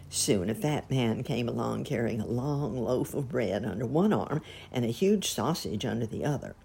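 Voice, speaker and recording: A woman reading a storybook aloud in a gentle, measured way. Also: a bass voice, expressive, gravelly, a little hiss or hum. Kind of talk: storybook narration.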